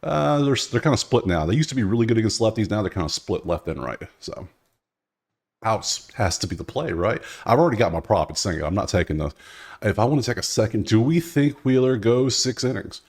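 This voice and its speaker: Low-voiced man musing over betting picks. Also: lively intonation, a little fast, vocal fry. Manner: chatty, thinks out loud, talks to players directly. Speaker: sports betting host. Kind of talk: casual solo commentary.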